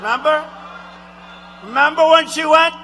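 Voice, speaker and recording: In this political impression, a man plays a high-voiced, bragging president giving a rally speech at normal speed, with a little hiss or hum in the recording. The delivery rambles and repeats, full of boasts and sudden shouted lines.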